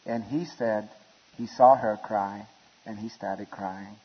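A man preaching a sermon in a church, telling wedding stories with chuckles and building to shouted appeals. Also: medium pitch, very animated, unhurried, husky. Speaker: pastor. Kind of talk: storytelling sermon. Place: church sanctuary. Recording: lo-fi recording with long hall reverb.

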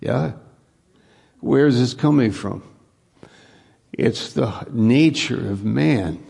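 A man's voice: mid-range voice, gravelly, a little mellow, breathy edge. A man preaching a sermon in a conversational way, repeating phrases and asking the listeners rhetorical questions. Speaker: pastor.

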